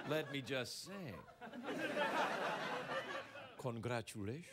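A man delivering a late-night comedy monologue as talk show host, joking and slipping into put-on voices. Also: a little high. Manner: animated joking with frequent laughs and put-on voices. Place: TV studio before a live audience. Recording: loud studio audience laughter and noise.

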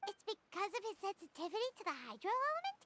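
A squeaky video game sidekick, wildly expressive, jumpy and excitable. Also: female voice, quick pace, noisy background, full character voice. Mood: anxious. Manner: speaks of herself in third person. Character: tiny floating female companion, excitable, easily scared. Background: game music.

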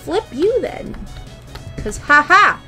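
Bright-voiced playful young woman gamer. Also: sits high, very animated, takes it slowly, faint music behind. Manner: playful, talks to herself, sudden squeals and jokey taunts. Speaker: gaming YouTuber. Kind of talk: casual Minecraft commentary.

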